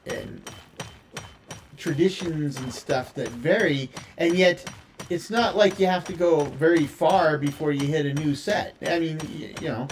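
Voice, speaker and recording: A man's voice: a little high, unhurried, a little hiss or hum. An American man chatting casually while streaming a building game, telling rambling stories with many fillers and restarts. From United States.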